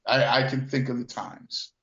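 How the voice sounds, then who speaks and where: An older man and former car dealer telling stories in a relaxed, reflective way, repeating words and using lots of fillers. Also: medium pitch, normal speed, creaky. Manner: reflective, restarts and repeats words, many "you know" fillers. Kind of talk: casual storytelling conversation. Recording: echoey, dull lo-fi sound.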